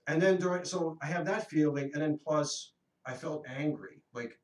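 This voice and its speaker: Animated man in his fifties, roomy sound. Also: a little high, moderate pace. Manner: animated, earnest storyteller. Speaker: radio show host. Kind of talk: casual storytelling on a talk radio show. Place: radio studio. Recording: roomy echo, mic at a distance.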